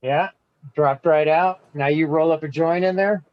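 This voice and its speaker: A man with a slightly raised pitch co-hosting a casual stream, easygoing and quick to chime in. His voice comes through dull and muffled over a remote mic. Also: fairly even intonation, dry recording. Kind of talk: casual livestream chat.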